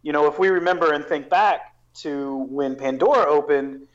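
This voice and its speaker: A man's voice: a little high, moderate pace, highs cut off. A man talking as a guest on a casual podcast, explaining his planning at length with frequent restarts and fillers.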